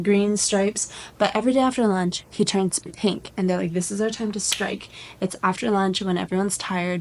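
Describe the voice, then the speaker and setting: A woman's voice: medium pitch, poor audio. A woman vlogger casually retelling a plot, rambling and full of "like". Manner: rambling, lots of "like", animated.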